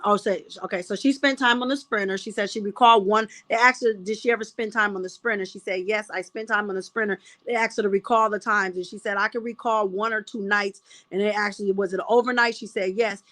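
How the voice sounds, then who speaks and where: A woman's voice: medium pitch, fairly even intonation, quick pace, fairly bright tone, no echo. Chatty woman recapping notes, dry sound. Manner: reads notes aloud, restarts often, chatty asides. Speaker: commentator recapping courtroom testimony. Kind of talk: casual live recap.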